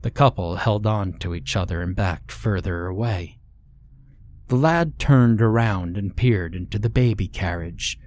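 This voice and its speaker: A man reading a horror story aloud in slow, measured scripted narration. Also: fairly low pitch, a little mellow, no echo.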